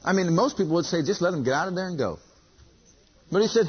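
A man's voice: high-pitched, animated, fast, long pauses, slightly rough. A man preaching a sermon, telling a story with acted-out dialogue and emphatic repetition. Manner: emphatic, repeats lines, acts out dialogue. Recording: dull lo-fi recording.

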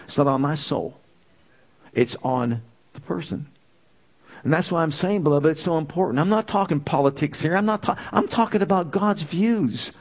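A man's voice: fairly high pitch, moderate pace. A man preaching a sermon, emphatic and full of rhetorical questions.

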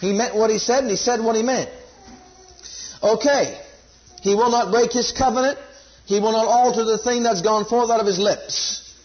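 A man preaching with a notably high voice, pressing his points hard and repeating key phrases for the congregation to echo back. The recording is dull and lo-fi, with the top end muffled. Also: fairly even intonation, normal speed. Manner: emphatic, repeats key phrases, leads congregation call-and-response. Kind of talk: sermon.

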